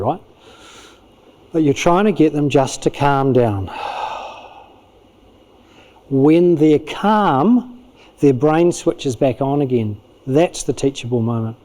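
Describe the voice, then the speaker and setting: A middle-aged man with a New Zealand accent, a clinical psychologist giving an animated parenting talk at a church, acting out parents and kids in quick asides. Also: a little high. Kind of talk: lively spoken teaching talk. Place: church auditorium.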